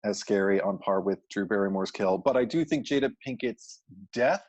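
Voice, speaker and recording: The recording sounds dull, and the man's voice is fairly low and a bit mellow, moving at a moderate pace. As a co-host of a laid-back movie chat, he thinks aloud analytically and frequently restarts what he's saying.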